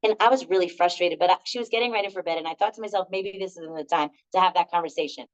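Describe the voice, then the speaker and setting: A middle-aged woman with a voice on the low side races through her speech while leading a live group workshop. She tells stories chattily with many fillers, and the recording is dull and lo-fi.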